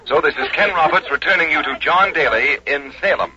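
A man playing a calm radio reporter with hissy sound. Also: on the high side, natural voice. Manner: calm, measured questioning. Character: on-the-scene radio reporter interviewing a prisoner. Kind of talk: 1950s radio drama acting. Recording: dull old radio broadcast with hiss.

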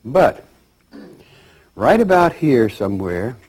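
Husky-voiced man giving a rambling lecture. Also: medium pitch, very animated, darkish tone. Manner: measured, rambling storytelling. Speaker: speaker. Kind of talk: spiritual lecture.

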